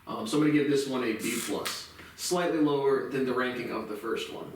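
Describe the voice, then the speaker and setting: A man giving a casual spoken movie review, rambling and relaxed, often restarting his sentences and swearing casually. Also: medium pitch, a little fast, a little hiss or hum. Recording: very echoey room, distant mic.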